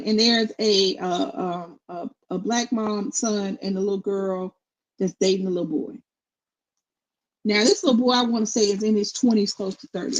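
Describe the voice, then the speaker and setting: A middle-aged woman co-hosting casual commentary, blunt and opinionated in a steady, even tone. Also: mid-range voice, poor audio. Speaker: co-host.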